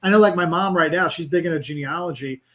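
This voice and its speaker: A man's voice: on the high side, quick pace. A middle-aged man, a travel creator, chatting casually in an interview, rambling with lots of "like" and restarts. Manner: rambling, animated, full of "like" and restarts. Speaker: travel creator and professor, guest.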